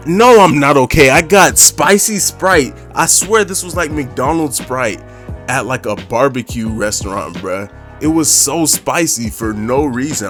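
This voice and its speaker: A young adult man narrating a comedic storytime in a lively, exaggerated, slangy way, throwing in mouth sound effects. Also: medium pitch. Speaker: storytime YouTuber.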